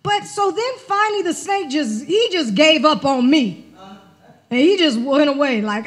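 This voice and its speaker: A woman spiritual director preaching a sermon, telling a personal story in an animated, conversational way. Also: high voice, moderate pace.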